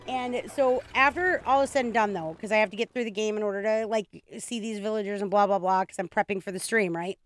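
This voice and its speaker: A woman streaming a video game, chatting casually in an excitable, rambling way with frequent restarts. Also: mid-range voice, quick pace, few pauses, faint music behind. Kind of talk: casual game livestream chat.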